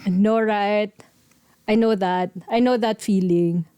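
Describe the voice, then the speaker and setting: Woman podcast host, slow rambly storytelling, dry mic, kinda high voice. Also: fairly even intonation, warm tone, clean tone, no echo. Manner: rambling, many fillers and restarts. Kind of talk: casual storytelling chat.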